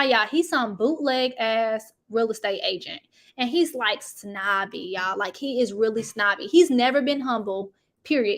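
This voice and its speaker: A woman hosting casual reality TV gossip commentary, chatty and animated, talking straight to her viewers. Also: a little high. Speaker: host.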